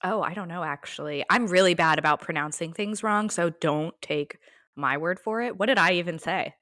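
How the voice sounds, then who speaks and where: A woman's voice: lowish voice, normal speed, a bit bright, no echo, clean studio sound. Chatty young woman co-hosting a podcast. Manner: chatty, laughing, trailing off into asides. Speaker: podcast co-host. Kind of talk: casual chat.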